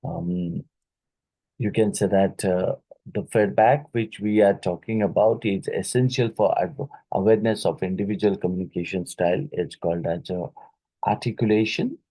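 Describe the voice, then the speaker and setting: A man with an Indian English accent teaching exam questions, repeating key words and filling pauses. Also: fairly low pitch, steady tone, warm tone, breathy edge, dry recording, poor audio. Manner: slow, repeats key words, many fillers. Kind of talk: exam question-and-answer lecture.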